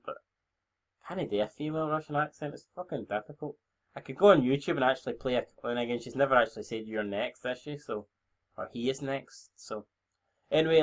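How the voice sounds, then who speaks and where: A man's voice: on the high side, fairly bright tone. A Scottish man in his twenties giving casual, rambling, sweary commentary on a wrestling booking game, often breaking off mid-sentence to correct himself. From Scotland. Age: 20s. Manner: rambling, sweary, self-interrupting. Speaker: YouTube gamer.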